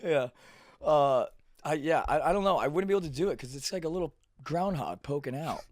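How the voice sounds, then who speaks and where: Blunt, joking man with a higher voice. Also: lively intonation, fairly quick, darkish tone, no echo, studio quality. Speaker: podcast host. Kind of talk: casual podcast recap chat.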